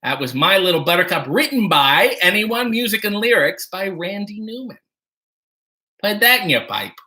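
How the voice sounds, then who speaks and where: A man with a fairly high, bright and forceful voice chats casually on a livestream from his kitchen. He reads viewer comments aloud and answers them with dry, wry asides. His delivery is loose and conversational. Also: big pitch swings, normal speed. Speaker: livestream host reading viewer donations.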